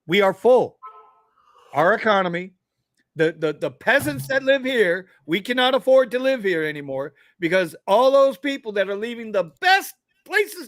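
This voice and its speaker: High-voiced blunt ranting man. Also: a bit bright, dry recording, clean studio sound. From Florida. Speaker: podcast co-host. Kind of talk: casual chat.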